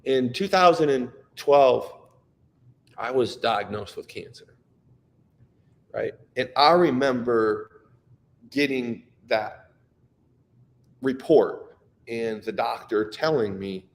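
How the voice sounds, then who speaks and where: A man's voice: medium pitch, animated, slow, gravelly, long pauses, big-room sound. Earnest emotional man giving a motivational talk. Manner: earnest and emotional, with frequent repetitions and restarts. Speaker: speaker sharing personal stories.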